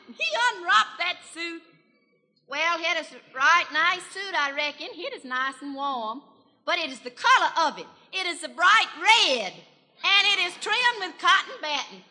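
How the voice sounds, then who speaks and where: A woman playing a chatty, excitable young country gossip gal with a rural Southern US accent, rambling through a folksy 1940s radio comedy monologue in a hollering twang with giggles. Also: very high voice, moderate pace, heavily acted. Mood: gossipy. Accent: Southern US, rural Tennessee. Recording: 1940s radio broadcast, long hall reverb.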